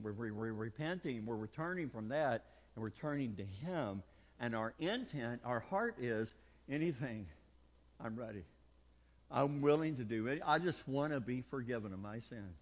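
A male preacher delivering a revival sermon, rising from quiet asides to loud shouted peaks and acting out the people he quotes. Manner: animated preaching, swings from low asides to loud shouted climaxes; acts out quoted people in voices. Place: church sanctuary.

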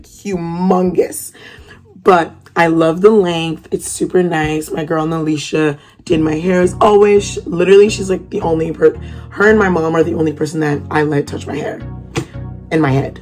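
A young woman chatting casually to camera in a vlog at home, rambling with lots of fillers and restarts. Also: low voice. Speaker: vlogger. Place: at home, indoors.

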